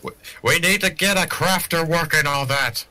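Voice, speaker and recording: A man playing in a tabletop game, joking eagerly with quick asides. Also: fairly high pitch, bright, forceful tone.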